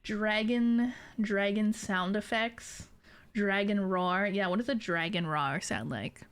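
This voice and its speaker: A woman's voice: medium pitch, slow pace, fairly bright tone, clean tone. A woman in her late twenties, a streamer chatting casually with her chat, giggly and swearing freely. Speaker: VTuber streamer.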